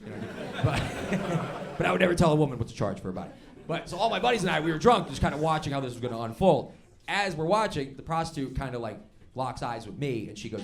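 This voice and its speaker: A man doing stand-up storytelling on stage, animated and laughing along as he acts out the voices in his story. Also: high voice, normal speed, vocal fry. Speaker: stand-up comedian. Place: comedy club stage before a live audience. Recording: stage mic with loud crowd laughter.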